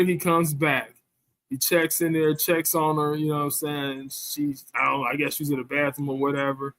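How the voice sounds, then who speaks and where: A man with a slightly higher voice tells a rambling, profane story in a loose, chatty way. He keeps tossing in "you know what I'm saying" between thoughts. The sound is dry and close, with no room around it. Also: bright, forceful tone, dry recording. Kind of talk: casual storytelling rant.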